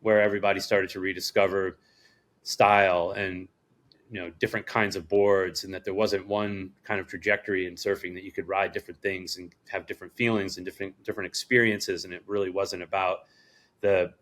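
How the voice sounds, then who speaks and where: A man's voice: sits low, fairly quick. A middle-aged man from Rhode Island, a surf shop owner, telling a story as a podcast guest in a casual, rambling way, acting out the people he quotes and swearing freely. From Rhode Island, United States. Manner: rambling, animated quoting, frequent swearing.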